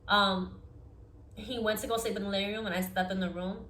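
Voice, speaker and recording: A young woman recounting her own story in a vlog, earnest and fast-flowing, with "like" scattered through her sentences. Her voice sits at an ordinary middle pitch for a woman. The room around her rings with a noticeable echo. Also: fairly even intonation, background noise. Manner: earnest, fast-flowing retelling full of "like" fillers. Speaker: vlogger. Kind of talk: personal storytime. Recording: echoey room.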